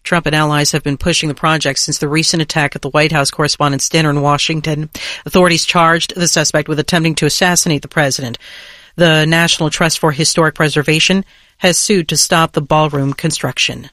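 A woman newscaster reading a national news bulletin in a crisp, measured way. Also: low voice, steady tone, a bit bright, dry recording, clean studio sound.

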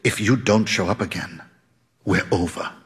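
A man reading an audiobook voices a jealous woman on the phone, speaking with a hoarse, forced, quiet voice. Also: on the low side, moderate pace, long reverb tail, voice pushed down. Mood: hushed.

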